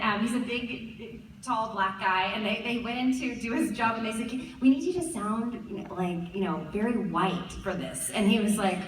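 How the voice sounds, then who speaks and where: A voice actress on a convention panel, telling lively anecdotes with lots of laughter. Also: female voice, medium pitch. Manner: animated, laughing, slips into character voices. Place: large convention hall with audience. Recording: echoey hall, distant mic, crowd noise.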